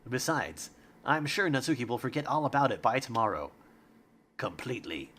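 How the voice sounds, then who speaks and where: A man voicing a calm, unsettling club president girl in a flat, robotic monotone while playing a game. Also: medium pitch, normal speed, a little hiss or hum.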